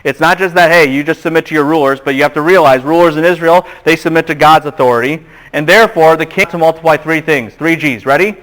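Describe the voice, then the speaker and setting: A man lecturing to a class with a somewhat high voice. He talks in an animated, emphatic way and keeps quizzing the room with fill-in-the-blank questions. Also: fast, low-quality recording. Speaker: seminary lecturer.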